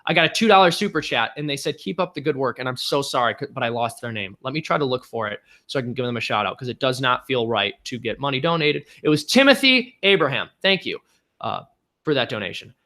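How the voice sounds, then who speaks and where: A man's voice: mid-range voice, lively intonation, fast talker, bright, forceful tone. A young man hosting a livestream Q&A, chatting in an upbeat way with frequent fillers. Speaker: channel host and animator. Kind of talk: livestream Q&A chat.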